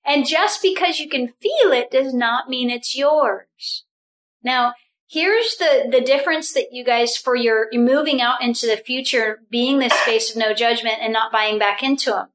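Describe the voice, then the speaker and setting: A woman leading a spiritual group session, talking with animated energy, laughing often and restarting her phrases. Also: on the high side, moderate pace, poor audio.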